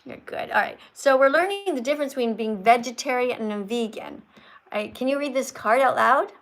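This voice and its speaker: A woman's voice: on the high side, fairly quick, fairly bright tone, poor audio. A woman hosting a livestream, lecturing a caller in an emphatic, scolding, preachy way. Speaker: livestream host teaching veganism.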